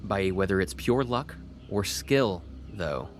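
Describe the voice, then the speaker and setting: A man with a very deep voice runs a tabletop game as its game master. He narrates the journey in a steady, descriptive way. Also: takes it slowly, faint music behind.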